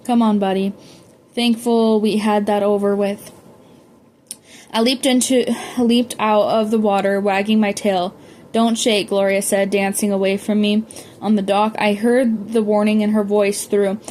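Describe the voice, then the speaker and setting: A woman's voice: medium pitch, level tone, measured pace, darkish tone, slight background noise. A woman reading a novel aloud, often stumbling and correcting herself as she goes. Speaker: audiobook reader.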